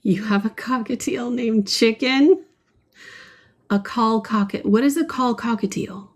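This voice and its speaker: A woman with a slightly high voice speaks a little slowly while painting on a livestream. She chats playfully with viewers, responding to what they comment.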